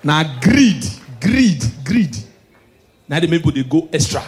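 High-voiced Nigerian man doing stand-up. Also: very animated, unhurried. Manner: swings from preachy lecturing to loud shouted punchlines. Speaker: stand-up comedian. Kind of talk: stand-up comedy in Pidgin English.

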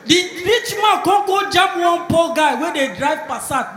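A man speaking with a Nigerian Pidgin accent, doing stand-up comedy with loud, excitable storytelling. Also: extremely high pitch, normal speed. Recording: echoey venue with crowd noise.

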